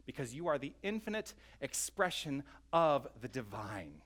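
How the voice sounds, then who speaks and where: With a mid-pitched, sing-song and slightly bright voice at normal speed, a minister delivers a sermon online. He speaks straight to his listeners, earnest and welcoming, and is a little breathless.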